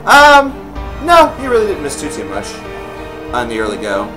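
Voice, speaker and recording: A man's voice: fairly high pitch, huge pitch swings, normal speed, low-quality recording. A man hosting a live song-request stream, chatting casually in a rambling way, greeting viewers and laughing often. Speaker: livestream host taking song requests. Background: music playing.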